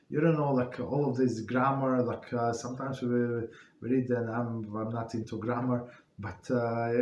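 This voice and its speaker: A man teaching an informal religious class, speaking in halting English with many fillers and restarts. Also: mid-range voice, a little mellow. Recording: echoey room with faint noise.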